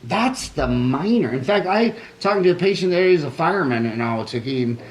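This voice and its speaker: A man's voice: a little high, lively intonation, a little fast, low-quality recording. A man hosting a podcast interview, asking long rambling questions full of fillers and restarts. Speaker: podcast host, dentist.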